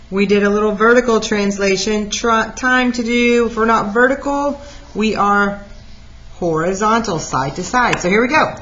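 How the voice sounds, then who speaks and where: A woman teacher of middle pitch explains math step by step, with a lively, animated delivery. The recording is dull and lo-fi. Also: slight background noise. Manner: lively, talks through steps aloud.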